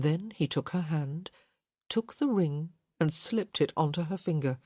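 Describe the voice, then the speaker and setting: A woman reading a novel aloud in slow, measured audiobook narration. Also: deep voice, mellow, dry recording, clean studio sound. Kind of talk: scripted narration.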